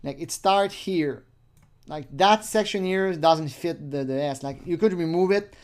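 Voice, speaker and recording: A man's voice: a little high, unhurried, darkish tone, clean tone. A man giving crude, sarcastic running commentary while reading chat logs aloud. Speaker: commentary host.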